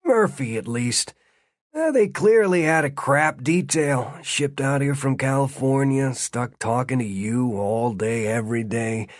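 Nosy, sneering prison guard, read by a male narrator; blunt rambler, mid-pitched, dry audiobook read. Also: measured pace, no room sound, lightly acted. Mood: pushy. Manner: rambling, blunt, self-important.

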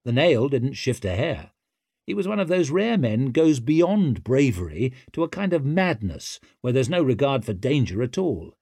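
A man narrating an audiobook in a wry, expressive storytelling manner. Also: medium pitch, moderate pace, slightly rough, no echo, studio quality.

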